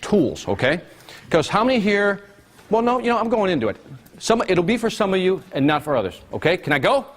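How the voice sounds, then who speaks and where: Lively man leading a business seminar. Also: sits high, a little fast. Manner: energetic, asks the audience questions. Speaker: seminar presenter. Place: seminar room with audience.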